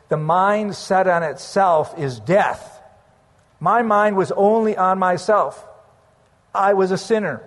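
Male preacher, earnest storyteller, lightly raised pitch, long hall reverb. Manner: earnest storytelling, slips into praying aloud. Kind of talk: sermon testimony.

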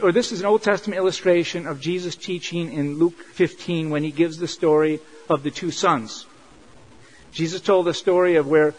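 A man's voice: a little high, rough recording. A man preaching a sermon in an earnest, conversational way, driving points home with repetition. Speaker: pastor.

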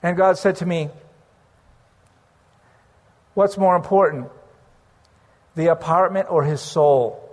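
A man's voice: fairly high pitch, slow, long pauses, a little mellow, long reverb tail. A man preaching, telling a personal story in an earnest way and slipping into prayer. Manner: earnest storytelling, slips into praying aloud. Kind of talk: sermon testimony.

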